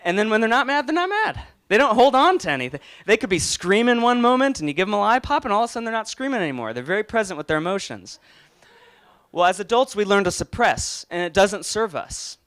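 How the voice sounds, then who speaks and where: A man's voice: high-pitched, sing-song, quick pace, a bit bright, smooth. Earnest man giving a motivational talk. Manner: earnest, restarts words, grows emotional. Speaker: motivational speaker.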